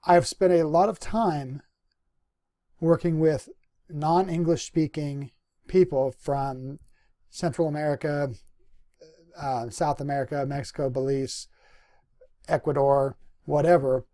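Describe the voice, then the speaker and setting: Male instructor, slightly high, mellow tone, relaxed lecture delivery with pauses. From US Northwest. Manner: unhurried, conversational, with restarts and pauses. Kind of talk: recorded lecture.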